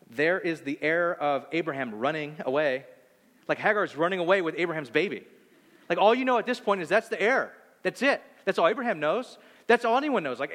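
A man preaching a sermon in an animated, conversational way, often repeating words as he gets excited. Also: a little high, long reverb tail. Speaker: pastor.

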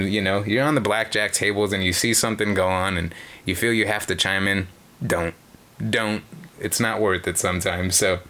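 Profane deep-voiced man telling casino stories. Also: pushed and bright. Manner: profane, rambling, many fillers. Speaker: caller sharing casino stories. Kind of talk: casual storytelling.

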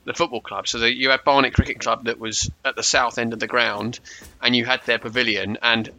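A man's voice: medium pitch, little pitch movement, brisk, creaky, sharp tone, a little hiss or hum, rough recording. A man in casual conversation, reminiscing about match days and often restarting with repeated words. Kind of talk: casual chat.

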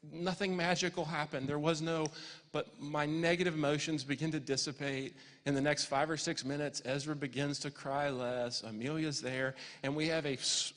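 A man's voice: fairly high pitch, fairly bright tone. A man in his forties, a pastor preaching a sermon, telling a family story with quoted voices and building to fervent preaching. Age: 40s. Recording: long hall reverb.

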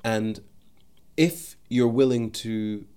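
Drawing out his words in a mellow, clean, mid-range voice, a man hosts a solo podcast of thoughtful reflection. He often starts sentences again as he searches for what to say.

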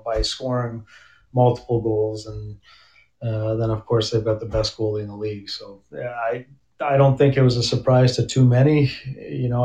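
A man's voice: medium pitch, mellow. A man who is a hockey coach, chatting casually in an interview with many restarts and fillers. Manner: conversational, frequent restarts and fillers. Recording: roomy, dull remote audio.

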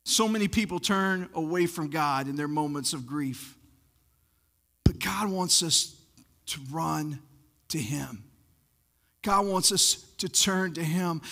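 Pastor, male, high and bright voice, fervent sermon delivery that swells to near-shouting. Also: in a large hall. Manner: impassioned preaching, building to near-shouts.

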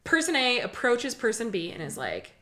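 A woman co-hosting a podcast in casual chat, animated and laughing often as she tells playful stories. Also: fairly high pitch, moderate pace. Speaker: podcast co-host.

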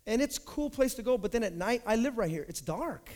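A man pastor, telling stories in a sermon and building up to shouted preaching. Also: extremely high pitch, animated, fairly quick.

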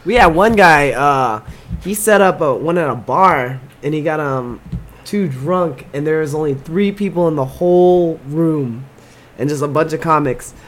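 A man's voice: fairly high pitch, measured pace, a bit bright. A man, a stand-up comedian guest in casual chat, laid-back and mostly giving short replies.

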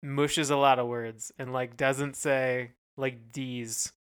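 A Californian man with a smooth, resonant voice at a middle pitch talks through a song with plenty of fillers and dry humor. He sounds unhurried and a little hesitant as he weighs his opinions. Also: level tone, a bit bright. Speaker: podcast co-host. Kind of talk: casual music review chat.

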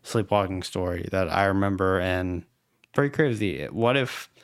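A man's voice: deep voice, moderate pace, clear, resonant tone, dry recording, studio quality. A young man co-hosting a podcast, chatting in an easygoing, somewhat hesitant way. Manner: easygoing, hesitant, with many fillers. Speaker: podcast co-host. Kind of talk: casual chat.

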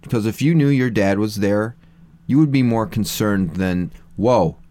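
Low-voiced man in relaxed chat. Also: moderate pace. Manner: relaxed, rambling, self-correcting. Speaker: podcast co-host. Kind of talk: casual movie-review chat.

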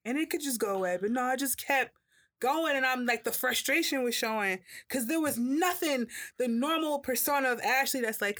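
A woman's voice: a little high, normal speed. A woman co-hosting a podcast, telling stories in casual chat, swearing, laughing and acting out the voices of people she quotes. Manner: animated storyteller, acts out quoted voices, laughs and swears freely. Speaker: podcast co-host.

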